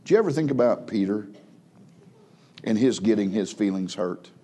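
A man preaching a sermon, swinging between emphatic raised passages and quiet hushed drops, with frequent word repeats and restarts. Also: on the low side, expressive, moderate pace. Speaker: pastor.

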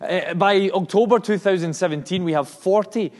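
A Scottish man preaches to a congregation, his voice sitting a little high for a man. He talks earnestly and with emphasis, often restarting his words as he reports on his mission work. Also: moderate pace, a little mellow.

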